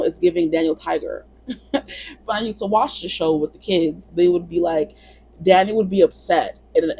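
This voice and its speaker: Husky, chatty woman reading tarot. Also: on the low side, warm tone, dry recording, rough recording. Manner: chatty, rambling, lots of "you know". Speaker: tarot reader. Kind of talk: casual pick-a-card tarot reading.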